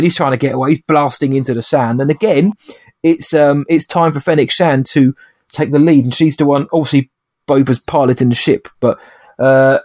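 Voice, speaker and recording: A man's voice: medium pitch, darkish tone, no room sound, studio quality. A man co-hosting a podcast in casual chat, animatedly retelling scenes and rambling with restarts. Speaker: podcast co-host.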